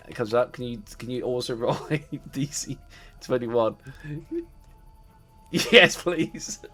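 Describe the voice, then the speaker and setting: A man's voice: medium pitch, steady tone, moderate pace, darkish tone, soft background music. A man narrating as game master, loose and hesitant, often laughing.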